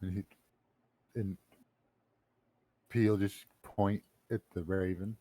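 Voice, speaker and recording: A man playing a tabletop game in character, terse and deadpan. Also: deep voice, slow pace. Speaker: player. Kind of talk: in-character tabletop role-play.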